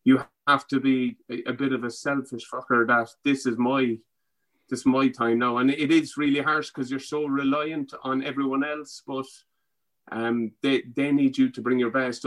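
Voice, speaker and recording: An Irish man, a former rugby player, chatting as a podcast guest and telling animated stories, acting out what others said. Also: medium pitch, moderate pace, poor audio. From Ireland. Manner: animated storytelling, acting out quotes. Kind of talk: casual chat.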